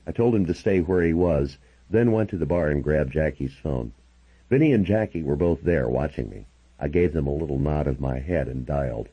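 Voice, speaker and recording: A man reading a first-person novel aloud as an audiobook narrator, with a husky voice and a dramatic storytelling delivery. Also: rumbling low, expressive, normal speed, dull audio.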